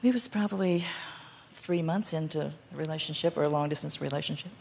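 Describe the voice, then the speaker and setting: A woman's voice: sits low, a little fast, gravelly, a little mellow, husky. An older woman, a guest on a talk show, answering in a plainspoken, firm way. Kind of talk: candid interview answers.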